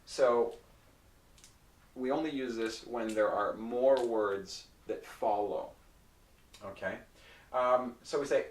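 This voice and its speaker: A man's voice: medium pitch, takes it slowly, long pauses. A man teaching English pronunciation in a patient, explanatory way, often checking in with "okay?" and repeating example words. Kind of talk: slow, explanatory whiteboard lesson. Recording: roomy echo, slightly distant mic.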